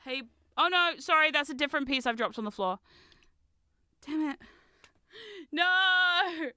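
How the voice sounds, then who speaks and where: A woman streaming from her desk in casual chat, giggly and chatty with loud squealing exclamations, on a close microphone. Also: high voice, lively intonation, normal speed, no room sound. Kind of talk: casual chat while building.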